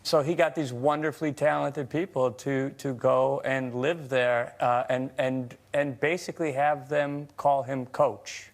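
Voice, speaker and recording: A man explaining a film as a guest on a talk show, hesitant and full of pauses. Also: mid-range voice, steady tone. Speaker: guest actor. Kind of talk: casual chat show interview. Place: television studio.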